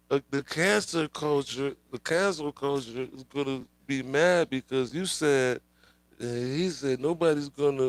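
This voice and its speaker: A man's voice: medium pitch, dry recording. A man hosting his own livestream, ranting casually with rambling, profane slang and frequent laughter. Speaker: livestream host. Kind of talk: casual live-stream rant.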